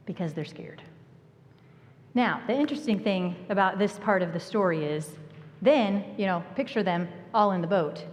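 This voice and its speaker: A woman's voice: medium pitch, moderate pace. Woman preaching in a reverberant church. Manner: animated storytelling, acting out voices and dropping to a whisper. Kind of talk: sermon. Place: church sanctuary. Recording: long church hall reverb.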